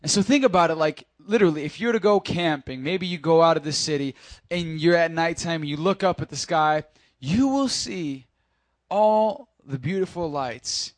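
A man's voice: a little high, expressive, moderate pace, no echo. A man preaching in a casual, conversational way, speaking directly to his congregation and acting out Bible scenes. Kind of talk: sermon.

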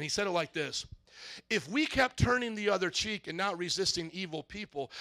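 A man pastor preaching a sermon, swinging from loud emphatic shouts to soft asides. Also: fairly high pitch, vocal fry.

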